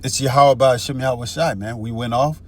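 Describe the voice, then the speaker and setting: A man's voice: mid-range voice, fairly even intonation, moderate pace, a little hiss or hum. A man teaching from scripture in a heated, profane, casual way, calling the listener "man" and "bro". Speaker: street-style scripture teacher.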